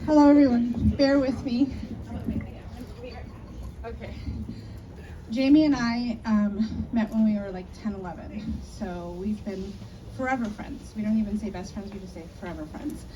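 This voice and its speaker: A woman's voice: medium pitch, moderate pace, dark tone, dull audio. Middle-aged woman telling a chatty story. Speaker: family friend. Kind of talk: memorial speech. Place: memorial gathering. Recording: distant mic, faint background noise.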